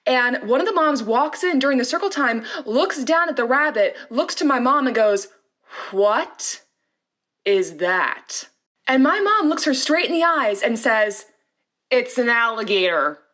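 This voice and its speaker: A young woman telling funny personal stories in a casual, animated way, with laughter between anecdotes. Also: high-pitched, moderate pace, few pauses. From Southern California. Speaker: storyteller vlogger.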